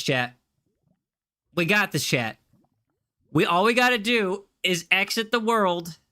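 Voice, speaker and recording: A man's voice: sits high, sharp tone. A man live-streaming a game, hyped and playful, talking straight to his chat and reading their messages aloud.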